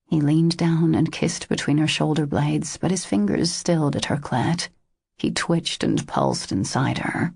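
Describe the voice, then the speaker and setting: A woman narrating a romance audiobook in a slow, intimate reading. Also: sits low, very animated, gravelly, darkish tone, husky, no room sound, studio quality.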